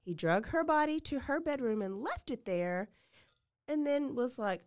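A woman's voice: high voice, animated, unhurried. A woman hosting a podcast, casually retelling a true-crime story with lots of fillers and acted-out quotes. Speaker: podcast host.

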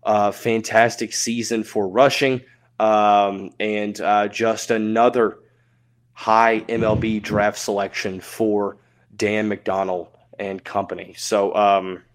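A young man hosting a sports podcast, talking casually with many filler words and quick self-corrections. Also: fairly low pitch, little pitch movement. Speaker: podcast host.

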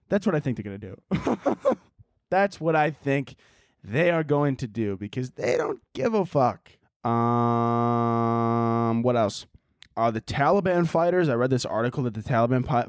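A man's voice: medium pitch, animated, a little slow, no room sound, studio quality. Crude, sarcastic male podcast host. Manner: crude, sarcastic, laughs at own jokes. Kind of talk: comedic monologue.

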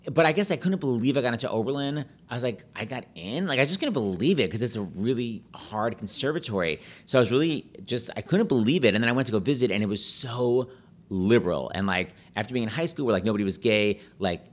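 A middle-aged man chatting casually, telling animated stories and jumping into high voices when he quotes people. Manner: talks fast, breaks into high put-on voices when quoting people. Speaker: podcast guest, pianist and Broadway host. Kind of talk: casual chat, animated storytelling.

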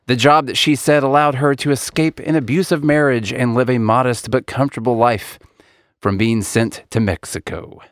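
Man, podcast co-host, chatty and laughing, reads articles aloud, middle pitch, dry close sound. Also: no room sound. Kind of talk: casual political chat.

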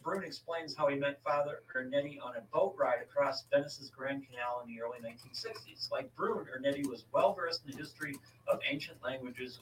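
A man's voice: medium pitch, a bit bright, recorded from a distance. A man reads his notes aloud in a loose, chatty podcast style, correcting himself as he goes. He sits a little off the mic in a roomy space. There is a faint hum of ambience behind him. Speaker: podcast co-host reading a story. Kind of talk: casual podcast chat, reading from notes.

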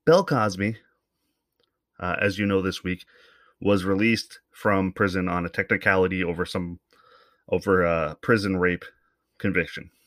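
Man, somewhat low voice, blunt, swearing, rambling solo podcast monologue, dry close mic. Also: fairly even intonation, unhurried, long pauses, a bit bright, no echo. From Canada. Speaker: podcast host.

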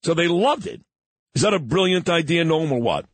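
Lively husky male radio host. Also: on the high side, normal speed. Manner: chatty, joking, coughing at times. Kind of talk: casual morning radio talk.

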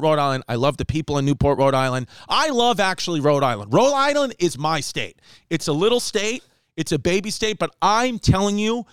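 Animated storytelling man, smooth clear voice. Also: fairly high pitch, no room sound, clean studio sound. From New York. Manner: animated storyteller, acts out quotes. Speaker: comedian podcast host. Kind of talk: casual storytelling chat.

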